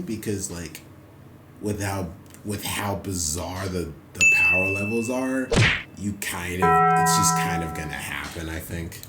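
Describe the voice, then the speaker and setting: A man hosting an anime reaction, chatting casually and rambling with lots of fillers. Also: sits low. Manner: loose, rambling, heavy on fillers like "like" and "you know". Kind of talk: casual commentary while watching. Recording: roomy echo with loud soundtrack music behind.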